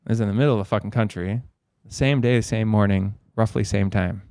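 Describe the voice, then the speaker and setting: A man's voice: fairly low pitch, a little fast, darkish tone, clean tone, no echo, studio quality. A man as a podcast guest, telling a long story in a rambling way, swearing a lot. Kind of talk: casual storytelling.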